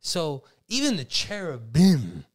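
Animated man telling a story. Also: on the high side, slow pace, slightly rough. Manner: animated storytelling, swearing, puts on silly voices. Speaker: podcast co-host. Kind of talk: casual chat.

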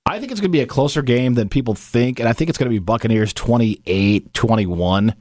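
Male podcast host, rambling and animated, rapid delivery, dry and close. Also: medium pitch, dry recording. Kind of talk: casual chat.

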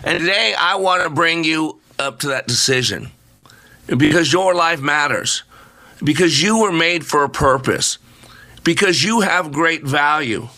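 A man's voice: a little high, animated, a little slow, bright, forceful tone. A middle-aged man hosting a motivational radio show, speaking in an emphatic, preacherly way with jokey asides.

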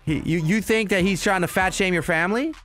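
A man's voice: high voice, brisk, a bit bright, soft background music. A man hosting a radio call-in, teasing the caller and laughing often. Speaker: radio show host. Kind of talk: joking call-in chat.

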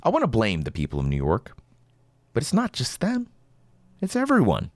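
A man's voice: medium pitch, wildly swooping pitch, normal speed, dry recording. A man hosting a podcast, delivering an opinionated monologue in a sarcastic, ranting way. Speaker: podcast host.

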